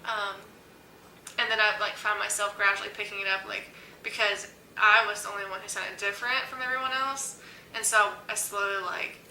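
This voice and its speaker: Bright-voiced chatty woman from Maryland. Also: medium pitch, fairly even intonation, moderate pace. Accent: Maryland with picked-up Southern American. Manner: chatty, many fillers like "like" and "um". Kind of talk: casual interview talk. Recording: echoey room with faint hum.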